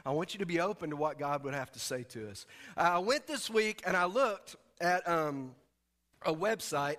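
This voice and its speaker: A man's voice: a little high, a bit bright. A man preaching a sermon as a pastor, folksy and joking, leading his congregation in call-and-response. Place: church sanctuary. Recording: echoey church hall.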